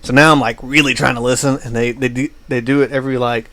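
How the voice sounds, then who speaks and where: His voice is medium-pitched, fast, level in tone, and pushed and bright. Co-hosting a podcast, the man tells a long, meandering travel story in casual chat, heavy with fillers like "uh" and "like."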